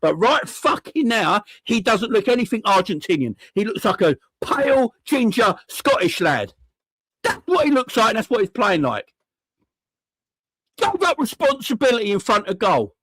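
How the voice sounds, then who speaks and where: A young man in a furious, sweary rant who keeps repeating himself and throwing out rhetorical questions. His voice sits high and swings wildly in pitch. The sound is dry and close. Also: very animated, moderate pace, fairly bright tone, breathy edge, dry recording. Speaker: football fan channel host. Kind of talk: angry fan reaction rant.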